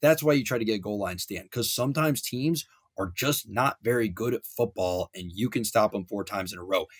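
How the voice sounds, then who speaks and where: A young man co-hosting a sports podcast, ranting at length with animated wrestling and pop-culture riffs. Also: on the low side, fairly quick. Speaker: podcast co-host.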